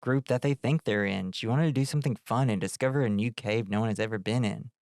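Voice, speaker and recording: Talking fast in a lower register, this man co-hosts the podcast and recounts the movie in a relaxed, chatty way, animatedly performing the quotes in assumed voices. The audio is clean studio quality, free of room sound.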